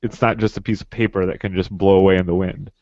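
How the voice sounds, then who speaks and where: Man, podcast co-host, playful, lowish voice, dull dry recording. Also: little pitch movement, fast talker, darkish tone. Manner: playful, teasing. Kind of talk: casual chat.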